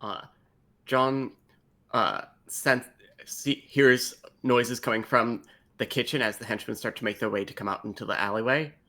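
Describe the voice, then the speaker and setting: A man playing a tabletop role-playing game, narrating his character's actions in a laid-back, halting way. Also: medium pitch, pushed and bright. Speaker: player.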